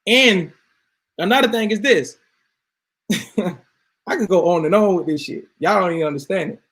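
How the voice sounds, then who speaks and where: A man's voice: high-pitched, normal speed, a bit bright, husky. A man ranting casually to his viewers, emphatic and swearing freely. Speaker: vlogger. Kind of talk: casual rant to camera.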